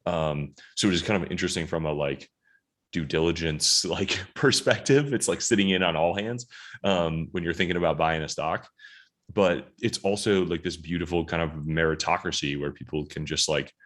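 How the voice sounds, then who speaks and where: A man's voice: deep voice, normal speed, fairly bright tone. A man hosting a podcast interview, asking questions in a loose, rambling way. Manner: easygoing, rambling, frequent likes. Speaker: podcast host.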